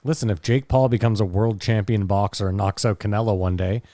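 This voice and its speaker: A man's voice: on the low side, steady tone, brisk, warm tone, no echo, studio quality. A man co-hosting a podcast in casual chat, blunt, profane and teasing. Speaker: podcast co-host.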